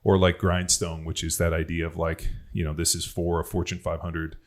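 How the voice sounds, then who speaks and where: In a laid-back podcast chat, an ex-NFL player turned host swaps meandering, foul-mouthed stories about football and being strong. He talks at a normal speed in a low voice with a level tone.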